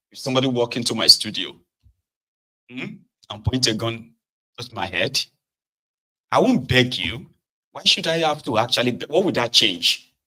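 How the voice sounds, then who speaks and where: A man's voice: medium pitch, bright, forceful tone, poor audio. A middle-aged Nigerian man hosting a political commentary show from his own studio, lecturing his listeners in a defiant, impassioned monologue.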